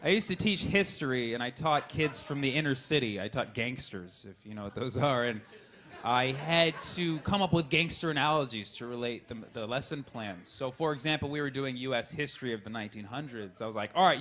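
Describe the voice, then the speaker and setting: A man performing a stand-up comedy set, telling stories animatedly, shouting the quotes of the people in them, and working with the crowd. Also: mid-range voice, animated, fairly quick. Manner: crowd work with the audience. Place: comedy club stage.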